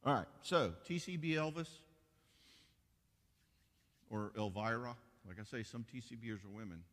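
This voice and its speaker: A man's voice: medium pitch, moderate pace, a bit bright. A man who works as a marriage counselor gives a casual, joking conference talk to couples, full of fillers and restarts. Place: church hall. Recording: echoey hall reverb.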